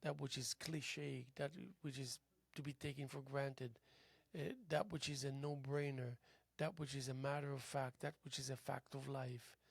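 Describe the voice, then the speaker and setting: A tired man hosting a local TV show, musing aloud in a halting philosophical monologue that drifts into soft whispers. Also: medium pitch, little pitch movement, vocal fry, breathy edge, dry recording. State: tired, yawning. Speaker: host. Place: local cable TV studio.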